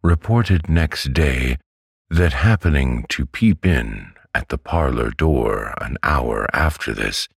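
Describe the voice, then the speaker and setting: A man reading a classic novel aloud as a calm, unhurried bedtime story. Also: very deep voice, creaky, breathy edge, no echo, clean studio sound. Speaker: audiobook reader.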